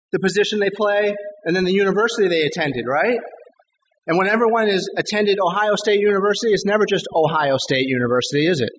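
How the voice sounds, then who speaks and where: A man preaching a sermon, earnest and emphatic, slowing down to stress scripture quotes. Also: high-pitched, in a large hall, lo-fi sound, slight background noise. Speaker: pastor. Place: church sanctuary.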